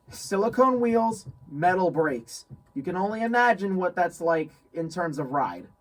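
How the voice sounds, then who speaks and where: A young man from New York telling a story in casual chat, animated, laughing often and repeating phrases. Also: on the high side, normal speed, far from the mic, poor audio. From New York State. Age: young adult. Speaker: guest friend.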